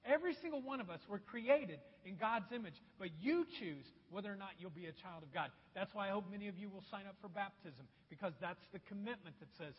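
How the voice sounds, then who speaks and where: Preaching in a church sanctuary, this pastor speaks quickly with few pauses, his high, husky voice expressive. He's emphatic, repeats phrases, and addresses the congregation as folks. The audio is dull and echoes like a church hall.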